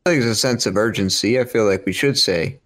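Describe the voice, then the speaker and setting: A man's voice: fairly low pitch, fast, a bit bright. A man co-hosting a podcast, chiming in earnestly during casual chat. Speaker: podcast co-host.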